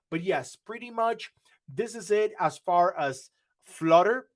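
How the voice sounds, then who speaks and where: Male workshop instructor, slightly higher voice, explanatory live-demo delivery with restarts, computer mic on a call. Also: a bit bright. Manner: explanatory, repeats and restarts phrases.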